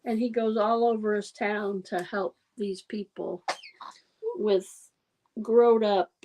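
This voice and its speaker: Chatting with viewers on her casual livestream, a woman rambles through stories and laughs frequently. She speaks slowly in a steady, medium-pitched, darkish voice, over poor audio with a little hiss or hum.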